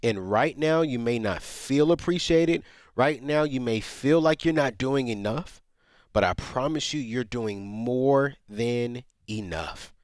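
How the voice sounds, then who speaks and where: A man's voice: mid-range voice, takes it slowly, no echo, studio quality. A man co-hosting a radio advice show, speaking with heartfelt passion to a caller. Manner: passionate, heartfelt, many restarts.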